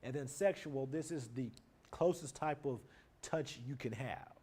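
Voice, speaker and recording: Man, teacher, lecture, plain explaining, middle pitch. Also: measured pace, mellow, breathy edge. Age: adult, married. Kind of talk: recorded lecture on nonverbal communication.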